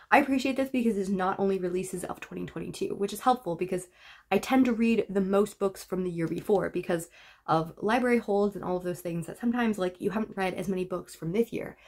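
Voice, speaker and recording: A book vlogger with a brisk, darkish, mid-range voice chats casually to camera. Rambling and wry, she runs through a list of book titles.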